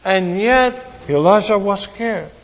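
Male preacher mid-sermon, high-pitched, slow and emphatic, voicing the quoted speakers, in a reverberant church hall. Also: lively intonation. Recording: long reverb of a large hall.

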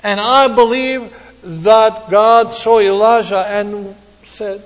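Male preacher mid-sermon, high-pitched, slow and emphatic, voicing the quoted speakers, in a reverberant church hall. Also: fairly even intonation. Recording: long reverb of a large hall.

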